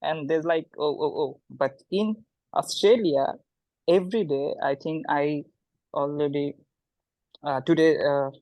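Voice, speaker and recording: A man from Bangladesh, giving an informal motivational talk in an online webinar, often pausing and repeating words. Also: a little high, dry recording, rough recording. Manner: halting, repeats words, animated when quoting people. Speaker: webinar guest speaker.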